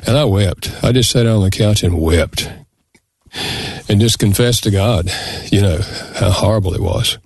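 A man's voice: fairly low pitch, normal speed, gravelly, breathy edge, no room sound, clean studio sound. An older man, a podcast guest, telling a candid, emotional personal story in an earnest, reflective way.

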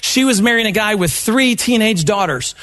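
A man giving a live event talk, telling stories in an earnest, animated way. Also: sits high, normal speed. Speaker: seminar speaker. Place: live event before an audience.

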